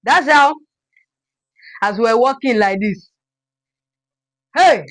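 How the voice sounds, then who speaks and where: Young Nigerian woman, high voice, animated storytime vlogger. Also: slow, dry recording, poor audio. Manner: animated, dramatic storyteller acting out scenes. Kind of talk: storytime vlog.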